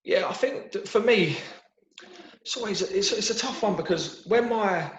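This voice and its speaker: A man's voice: high voice, normal speed, slight background noise. A man with a London English accent, a football manager being interviewed in casual chat, rambling with frequent restarts and repeated words over a video call. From London, England. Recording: roomy, dull video-call audio.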